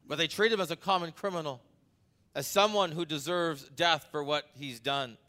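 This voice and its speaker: At normal speed and in a bright, forceful tone, a male pastor preaches a sermon. He tells an anecdote conversationally, climbing to emphatic peaks before going low.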